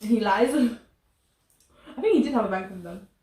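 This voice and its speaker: A woman chatting casually about a drama, animated and laughing as she acts out quotes. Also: medium pitch, measured pace. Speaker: co-host. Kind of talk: casual chat reviewing a drama. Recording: echoey room, a bit far from the mic.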